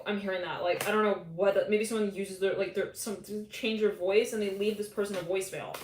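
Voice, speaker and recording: A woman talks through a live psychic tarot reading, rambling and filling gaps with "like" as she acts out quick voices. Her voice sits at a middle pitch. The room is echoey, with a faint steady noise underneath. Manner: rambling, many "like" fillers, quotes imagined people, laughs often. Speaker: tarot reader.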